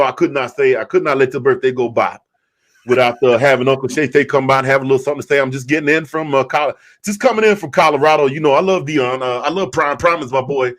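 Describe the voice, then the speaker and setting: A man co-hosting a podcast in casual chat, telling a rambling story with many restarts. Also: medium pitch. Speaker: podcast co-host.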